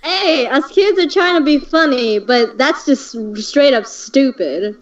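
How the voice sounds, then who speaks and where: An excitable teenage girl chatting on a livestream, with a somewhat high voice. She chimes in and laughs often, and her mic sounds dull and lo-fi. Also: slow. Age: teens. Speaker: livestream co-host. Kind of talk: casual livestream chat.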